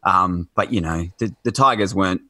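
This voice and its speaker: A man's voice: low-pitched, moderate pace, bright, forceful tone, no echo. A man chatting casually as a podcast guest, rambling with lots of fillers and restarts.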